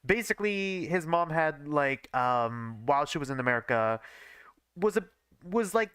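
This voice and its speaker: A man's voice: a little high, expressive, normal speed, a bit bright, clear, resonant tone, dry recording. A man in his early twenties streams a reading of his old fanfiction, rambling and self-mocking with lots of fillers. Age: early 20s. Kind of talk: casual live-stream commentary.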